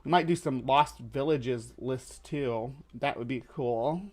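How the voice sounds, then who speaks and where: A man with a lower Midwestern accent hosts a show, giving casual commentary as he reacts to a video, rambling with many fillers and restarts. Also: takes it slowly, a little mellow. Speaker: host.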